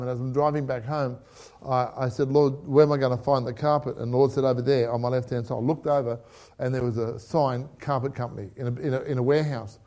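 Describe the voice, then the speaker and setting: A middle-aged Australian man preaching a testimony, telling a story with acted-out dialogue and laughter. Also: mid-range voice. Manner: animated storyteller who acts out dialogue and laughs.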